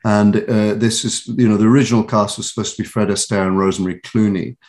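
A man's voice: fairly low pitch, flat delivery, quick pace, darkish tone. A British man from England, a voice actor and author, telling stories in a casual interview with many restarts and laughs.

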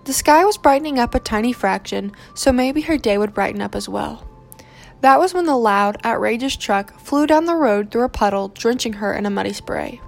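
A woman reading a romance novel aloud in steady, measured narration. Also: on the high side, gravelly, soft background music.

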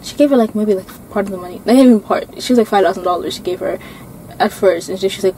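A woman's voice: medium pitch, steady tone, racing, dark tone, slight background noise, poor audio. Rambling young woman, chatty. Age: young adult. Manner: rambling, lots of fillers and laughs. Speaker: co-host. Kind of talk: casual chat.

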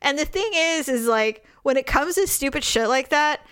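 A woman's voice: high-pitched, expressive, moderate pace, a bit bright. A middle-aged woman hosting a podcast, telling a story in casual chat, acting out quoted voices, swearing and laughing. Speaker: podcast host.

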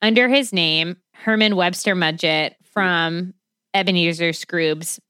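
A woman with a bright, forceful voice tells a true crime story in a loose, chatty way. She swears freely, laughs often and wanders off on tangents. The sound is dry and close to the mic. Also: on the low side, measured pace, smooth, dry recording. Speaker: podcast co-host telling a true crime story. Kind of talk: casual true crime chat.

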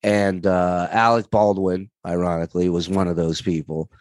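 Man, comedian guest, very low voice, dry close sound, rambling and animated. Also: normal speed, dry recording. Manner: rambling, animated, many fillers. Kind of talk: casual storytelling.

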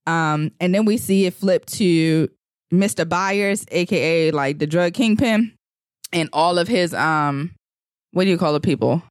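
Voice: medium pitch, a little slow, no echo, clean studio sound. A podcast co-host in casual chat, retelling a movie scene by scene, acting out the lines and laughing often.

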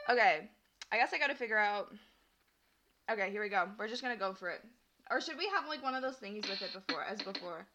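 A woman's voice: mid-range voice, animated, fast. A young woman hosting a casual solo podcast, talking in a chatty, scattered way that jumps between thoughts. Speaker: podcast host. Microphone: home podcast mic. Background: toy piano music.

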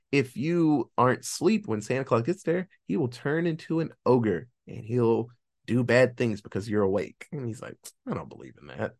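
A man with a slightly high voice walks through a movie scene by scene for his podcast co-hosts. His delivery is lively and swings all over his range, with casual swearing, and he keeps stopping to read lines from his notes. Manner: animated, swears freely, reads from his notes. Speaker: podcast co-host recapping a movie. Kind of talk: casual movie recap chat.

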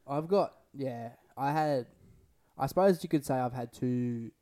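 A man's voice: mid-range voice, measured pace, mellow. Sweary young man telling stories. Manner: rambling, sweary storytelling. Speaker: podcast co-host. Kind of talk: casual chat.

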